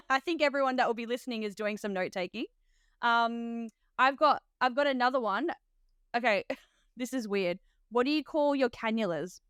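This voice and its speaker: Chatty Australian woman, bright smooth voice. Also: a little high, normal speed, no room sound, studio quality. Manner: chatty, laughs often, lots of "like". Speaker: podcast host, nurse. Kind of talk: casual podcast chat.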